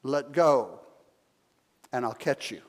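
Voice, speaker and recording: A calm, matter-of-fact God, voiced by a pastor answers from above. He speaks slowly and plainly, with no hurry at all. The words ring out in a long, reverberant hall. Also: mid-range voice.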